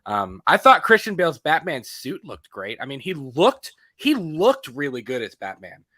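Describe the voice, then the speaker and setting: A man's voice: on the high side, huge pitch swings, normal speed, sharp tone, no echo. A man co-hosting a podcast in casual chat, laughing often and trailing off into restarts. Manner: laughs often, trails off and restarts, puts on a gravelly movie voice as a joke. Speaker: podcast co-host.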